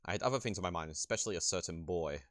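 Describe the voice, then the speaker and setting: A man's voice: sits low, racing, fairly bright tone, dry recording, studio quality, voice pushed down. A man reading as a teenage schoolgirl. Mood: wistful.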